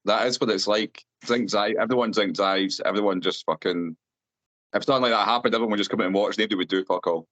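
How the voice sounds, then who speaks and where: A man's voice: fairly low pitch, quick pace, a bit bright, no room sound. A Scottish man co-hosting a podcast, giving blunt, sweary opinions in casual movie chat. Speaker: podcast co-host. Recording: dull, dry lo-fi mic.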